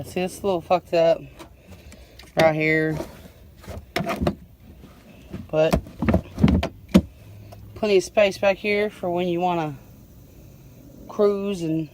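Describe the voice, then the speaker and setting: A woman's voice: lowish voice, fairly even intonation, slow, long pauses, background noise. A young adult woman vlogging in a casual, profane, slangy way, filmed on a handheld phone outdoors by her car. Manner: laid-back, profane, slangy. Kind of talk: casual vlog chat.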